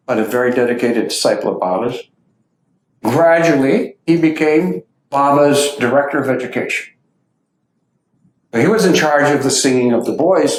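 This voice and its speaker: A man giving a lecture to an audience, telling anecdotes and acting out the quotes. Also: medium pitch. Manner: lively anecdotal storytelling with acted quotes. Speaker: speaker giving a talk. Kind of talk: storytelling lecture. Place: meeting hall. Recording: echoey hall.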